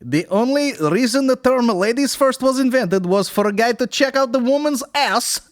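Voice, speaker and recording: Man doing a loud smug Russian joke guy. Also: extremely high pitch, animated, moderate pace, no echo, studio quality, voice pushed up. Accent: put-on Russian. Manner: explains each joke, loud and pleased. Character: Russian man telling bad sexist jokes, smug.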